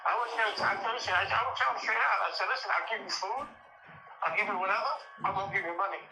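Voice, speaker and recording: A man's voice: high-pitched, fast. A man guest in a casual interview, telling a long story bluntly and profanely, rambling with restarts. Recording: echoey room with music behind.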